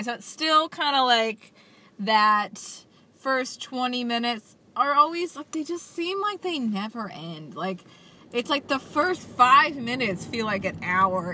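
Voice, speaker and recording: A woman's voice: a little high, background noise. A young woman chatting casually in a daily video diary, rambling and enthusiastic with lots of fillers. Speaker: vlogger reviewing a film daily.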